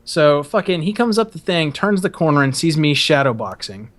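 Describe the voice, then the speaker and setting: A man's voice: fairly high pitch, sing-song, moderate pace. Profane, rambling male podcast host. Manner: profane, rambling, laughs while telling stories. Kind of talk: casual storytelling chat.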